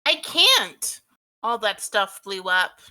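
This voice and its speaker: A woman's voice: mid-range voice, big pitch swings, slow, pushed and bright, heavily acted, low-quality recording. A woman reading the lines of a cheerful, bubbly teenage girl during a comic read-through with friends. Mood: chipper. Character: cheerful dreamy teen girl Jade.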